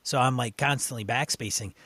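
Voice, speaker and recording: A man's voice: medium pitch, a little fast, bright, forceful tone, no room sound. A man co-hosting a casual gaming podcast, thinking aloud with wry asides. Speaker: podcast co-host.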